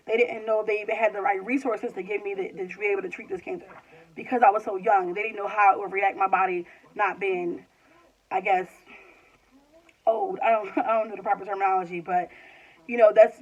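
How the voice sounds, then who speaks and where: A woman in her twenties casually telling a personal story, full of "like" and rambling restarts. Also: fairly high pitch. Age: 20s. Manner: chatty, fills with "like", rambling restarts. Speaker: vlogger. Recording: slightly distant, dull lo-fi sound.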